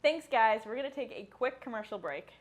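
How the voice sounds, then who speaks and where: A woman's voice: on the high side, lively intonation, a little fast. A young woman co-hosting a show in casual chat, playful and teasing. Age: young adult. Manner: playful, laughs along, teasing. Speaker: co-host.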